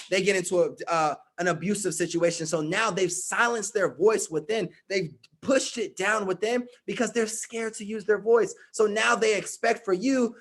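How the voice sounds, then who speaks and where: A man's voice: high-pitched, fairly bright tone. A middle-aged man coaching a live group, emphatic and direct, calling on listeners by name and repeating his points. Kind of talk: motivational talk with audience.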